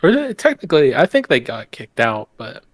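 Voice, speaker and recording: A man's voice: on the high side, huge pitch swings, normal speed, no room sound. Dry-sounding sarcastic male podcast host. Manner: profane, sarcastic, acts out quotes from the film. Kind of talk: casual movie podcast chat.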